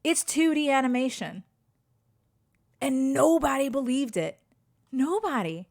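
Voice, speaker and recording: A woman's voice: high-pitched, big pitch swings, unhurried, a little mellow. A woman co-hosting a casual podcast, talking in an enthusiastic, emphatic way and swearing now and then. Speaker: podcast co-host. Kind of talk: casual chat. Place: home, live-streamed podcast.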